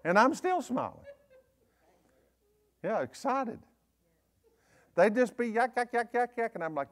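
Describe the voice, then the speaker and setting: A man with a Southern US accent, a bishop preaching a sermon in a folksy, joking way with quick asides. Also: very high voice, very animated. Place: church service.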